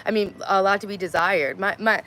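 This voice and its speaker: Out in her garden, a thirtysomething woman livestreams, reading viewer comments aloud, talking bluntly and swearing freely. Her medium-pitched voice is brisk with a sharp tone, and a little hiss or hum is audible.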